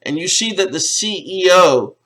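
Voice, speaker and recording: A man's voice: high-pitched, lively intonation, normal speed, sharp tone. A man lecturing on organizational psychology, explaining ideas through lists of everyday examples. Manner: explanatory, listing examples in short phrases. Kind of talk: recorded lecture.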